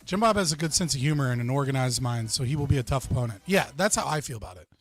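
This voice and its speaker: A man's voice: medium pitch, animated, rapid-fire, soft background music. An American man hosting a casual livestream, joking and rambling with frequent laughs. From United States. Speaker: streamer and debate host.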